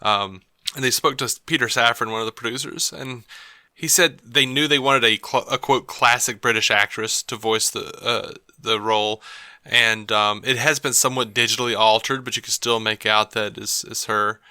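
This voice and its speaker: Bright-voiced man co-hosting a podcast. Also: mid-range voice, fairly even intonation, moderate pace, dry recording, studio quality. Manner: chatty, relays news with asides. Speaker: podcast co-host. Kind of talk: casual chat.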